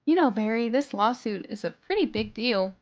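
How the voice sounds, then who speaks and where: A woman's voice: fairly high pitch, lively intonation, normal speed, highs cut off. A woman reading aloud as a kind young woman florist, in a plain script-reading manner. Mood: gentle.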